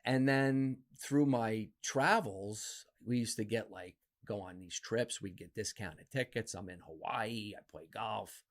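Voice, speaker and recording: A man in his fifties from New Jersey, a podcast guest telling stories from his life in a casual, animated way. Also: a little slow, hardly any pauses. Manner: animated, acts out quoted voices with big pitch jumps. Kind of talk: casual storytelling interview.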